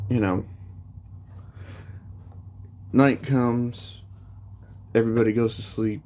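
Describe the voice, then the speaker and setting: A man's voice: on the low side, warm tone. A man casually retelling a fan story, rambling with many fillers.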